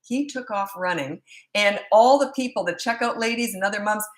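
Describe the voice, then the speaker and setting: A woman's voice: mid-range voice, normal speed, echoey room. A woman in her sixties from Canada, a parenting coach answering viewer questions in a blunt, firm, opinionated way with rambling asides. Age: 60s.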